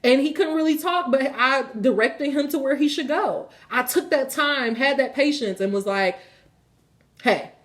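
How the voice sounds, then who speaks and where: A woman hosting a spiritual reading, telling a personal story in casual, animated speech with lots of swearing. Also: high-pitched. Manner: animated, swearing freely, colloquial.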